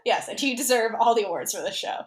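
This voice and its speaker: A woman's voice: a little high, lively intonation, fast talker, roomy sound, noisy background. Giggly, chatty woman podcast co-host. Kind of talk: casual chat.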